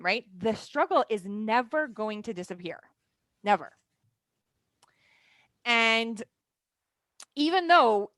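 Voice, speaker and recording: A woman's voice: a little high, fairly bright tone, no echo. A woman in her thirties teaching a religious class in a conversational style, often checking in with "right?" and filling her talk with "like". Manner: chatty, often asks "right?" and leans on "like".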